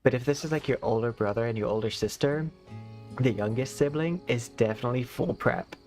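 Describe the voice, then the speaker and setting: A streamer, a man, rambling through casual chat with a slight lisp and lots of "like"s. His voice sits at an ordinary middle pitch. Quiet music plays faintly behind him. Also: brisk. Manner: rambling, filler-heavy, chatty.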